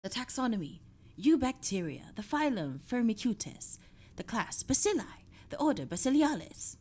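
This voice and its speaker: A woman voicing a breathy, strained male dark wizard as she reads study notes in a hushed, slow whisper. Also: mid-range voice. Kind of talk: study review read aloud in a put-on voice.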